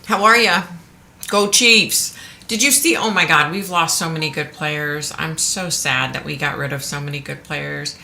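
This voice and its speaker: A chatty woman hosts a casual live stream from home, talking straight to her viewers. Her voice sits a little low yet sounds bright and forceful. She speaks frankly and lets the odd curse word slip. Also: creaky. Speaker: livestream host.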